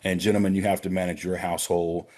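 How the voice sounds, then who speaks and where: Deep voiced banker guy giving straight practical money tips to the brothers on a prayer call. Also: little pitch movement, fast. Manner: direct, practical, addresses listeners as gentlemen and brothers. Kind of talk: financial literacy talk on a prayer call.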